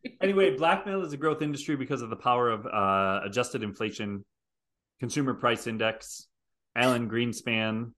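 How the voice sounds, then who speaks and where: A man's voice: mid-range voice, moderate pace, a bit bright. Playful man in casual podcast banter. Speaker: podcast co-host. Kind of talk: casual chat about a TV show.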